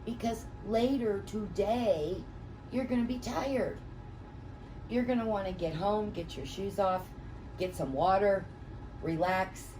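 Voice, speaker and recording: A woman's voice: medium pitch, slow pace, dark tone. A middle-aged woman running a real estate training session, telling folksy stories to a small group. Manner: folksy, anecdotal, chatty storytelling. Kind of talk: classroom training talk. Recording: distant mic with room noise.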